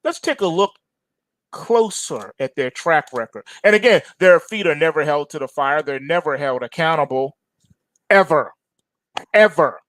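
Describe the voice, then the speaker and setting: A man's voice: a little high, animated, moderate pace, fairly bright tone, no echo. Sardonic man on market commentary. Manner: sardonic, emphatic, mocking.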